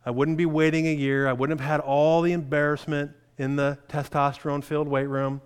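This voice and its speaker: A middle-aged male pastor preaching, his voice smooth and resonant and sitting a little high for a man. He tells a story against himself in a self-deprecating way, chuckling as he goes. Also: little pitch movement, fairly quick. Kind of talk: sermon with personal story.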